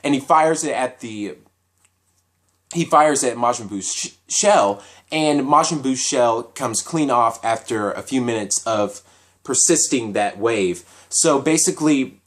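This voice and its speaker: A man giving a casual solo anime episode review, talking in an animated, repetitive way as he thinks aloud. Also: medium pitch, a little slow.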